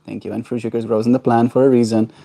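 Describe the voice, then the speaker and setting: A man's voice: mid-range voice, flat delivery, quick pace, vocal fry, mellow. A man live-streaming in casual chat, cooing in a baby voice to his pet bird and answering viewer comments.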